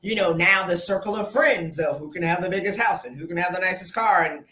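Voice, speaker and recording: A woman hosting a podcast, speaking emphatically and telling stories in a lively, casual way. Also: on the low side, fairly quick, slight background noise. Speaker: podcast host. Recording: roomy echo.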